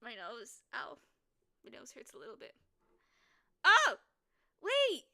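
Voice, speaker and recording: A woman streaming a story game, reading it aloud and chatting with viewers, quick to burst into excited exclamations. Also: sits high. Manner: excitable, breaks into squeals and exclamations.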